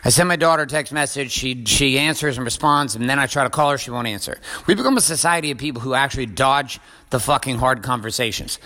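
A man's voice: mid-range voice, bright, forceful tone. Intense, profane middle-aged male coach. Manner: blunt, profane, driving repetition. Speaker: podcast host and coach. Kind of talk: intense motivational rant.

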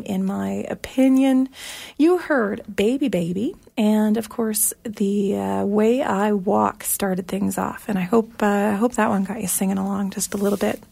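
A woman radio host chatting casually between songs, rambling with plenty of fillers, her voice a little hoarse. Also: mid-range voice, darkish tone. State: slightly hoarse, losing her voice.

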